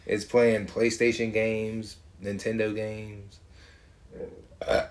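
A man's voice: fairly low pitch, little pitch movement, slow. A man in casual chat, laughing often and swearing as he rambles.

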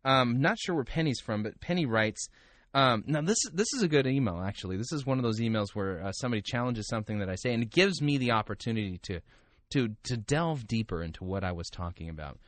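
Speaking fast and animated in a medium-pitched voice with no echo, a man hosts a podcast of casual commentary and reading aloud. He throws in wry, sarcastic remarks and frequently starts his sentences over.

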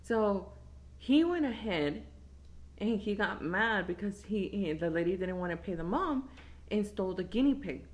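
Animated woman telling a story. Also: mid-range voice, moderate pace. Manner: animated, squeals when quoting herself. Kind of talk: casual storytelling chat.

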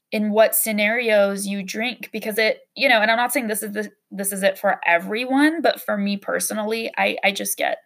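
A woman's voice: mid-range voice, gravelly, fairly bright tone. A young woman hosting a podcast, telling a personal story in a candid, emotional way with frequent fillers and some swearing. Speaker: podcast host.

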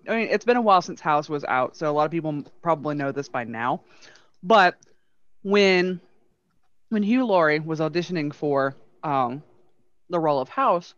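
A man telling a story in casual podcast chat, enthusiastic with quick asides. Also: fairly high pitch, a bit bright, no room sound. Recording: dry, slightly dull audio.

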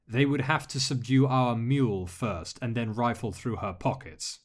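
A man voicing a masked male lord who speaks in a measured, polite way with dry humor. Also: mid-range voice, fairly even intonation, lightly acted. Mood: wry. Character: masked male dark lord, calm, courteous, wry.

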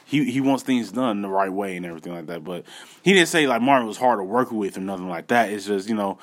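A man telling a personal story in a casual, animated way, speaking straight to his viewers with slangy asides. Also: fairly low pitch, fast. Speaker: vlogger.

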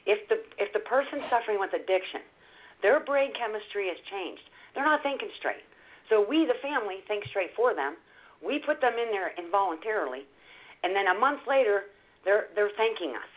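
A woman's voice: medium pitch, normal speed. Woman storyteller on a tinny phone line. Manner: animated, retells scenes step by step. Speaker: guest author. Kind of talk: emotional storytelling in a call-in talk.

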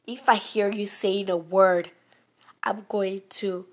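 A woman voicing a stern, threatening male school principal who speaks loudly and slowly. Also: medium pitch, fairly even intonation, husky. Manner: loud, commanding, slow and clipped. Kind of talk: storytime impersonation.

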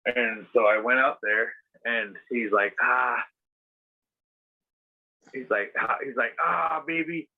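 A man's voice: medium pitch, steady tone, slow pace, long pauses. A man telling a rambling story casually as a podcast host, full of fillers and swearing. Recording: tinny phone-like sound.

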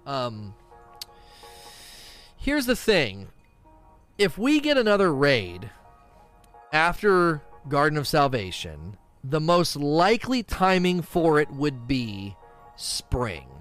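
A man streaming live, reading viewer questions and rambling through his answers in a casual chat. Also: fairly high pitch. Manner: animated, rambling, reads chat questions aloud.

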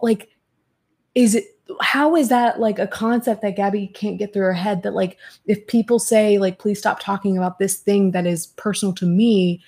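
A woman hosting a casual chat show, reading out viewer comments and reacting in a blunt, talkative way, often cursing. Her voice is mid-pitched with a gravelly, creaky edge, and she rushes through thoughts with many restarts. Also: a little mellow. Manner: blunt, swears, reads viewer comments aloud.

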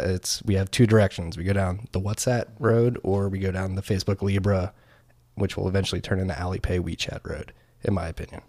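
Low-voiced laid-back podcast co-host man. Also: darkish tone, no echo, clean studio sound. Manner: laid-back, rambling with fillers. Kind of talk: casual chat.

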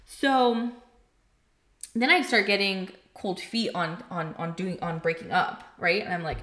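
A young woman telling a personal story in casual chat, candid and animated, swearing and filling her talk with "like". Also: on the low side, unhurried, roomy sound. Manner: candid, animated, swears freely, many fillers.

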